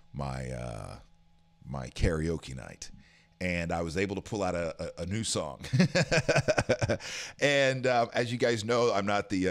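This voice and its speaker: A man hosting a casual morning stream show, rambling and self-deprecating, with lots of "uh" fillers. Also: sits low. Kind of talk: casual monologue. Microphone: studio mic for a live stream.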